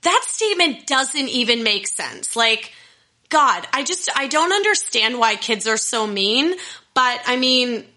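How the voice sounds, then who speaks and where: A woman's voice: a little high, animated, measured pace, pushed and bright. A young woman telling a candid personal story in an earnest, emotional, self-deprecating way. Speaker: storyteller sharing personal history.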